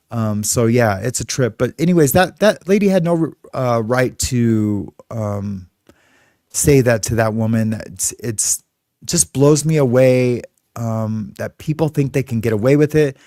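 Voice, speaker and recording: A man's voice: medium pitch, unhurried, a little mellow, no room sound, studio quality. A middle-aged man from California, hosting and telling a story in a casual, rambling way. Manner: rambling, conversational, many fillers. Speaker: host.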